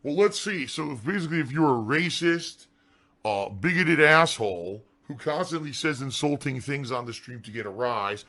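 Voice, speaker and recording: A man's voice: mid-range voice, expressive, normal speed, sharp tone. A male game streamer ranting sarcastically and defensively to his chat on a live stream.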